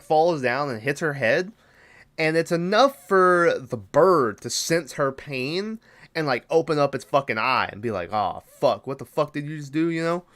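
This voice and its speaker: A man's voice: a little high, a bit bright. Rambling, foul-mouthed male podcast host. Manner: rambling, profane, loses track and backtracks. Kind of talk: casual movie recap.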